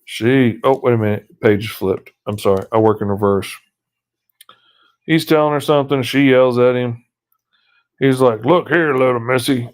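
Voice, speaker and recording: A comic artist, a man, casually narrating in a folksy, relaxed way as he inks a page. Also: mid-range voice, moderate pace, long pauses, smooth. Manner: folksy, relaxed commentary on his own work. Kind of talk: casual narration while inking.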